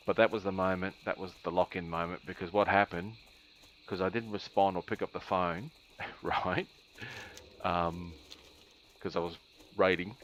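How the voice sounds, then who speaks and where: A man's voice: low voice, fairly bright tone, slight background noise. A man streaming a game, telling a long rambling story with laughs and many ums.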